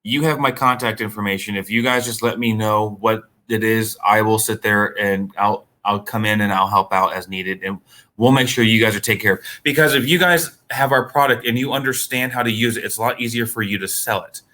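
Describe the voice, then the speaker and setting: A man's voice: lowish voice, brisk. A man answering questions in a product training session, speaking casually with frequent restarts. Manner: relaxed, conversational, many restarts. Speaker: vendor trainer.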